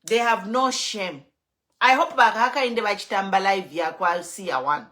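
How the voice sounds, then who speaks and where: A woman's voice: mid-range voice, moderate pace, sharp tone. A Zambian woman hosting an online show, giving fiery political commentary full of rhetorical questions, moving between English and Bemba.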